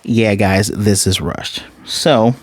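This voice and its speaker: A man giving a casual, excitable episode recap and review, jumping into different voices for the characters. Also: lowish voice, slow pace, dry recording. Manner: excitable, acts out characters' lines in shifting voices. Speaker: anime reviewer.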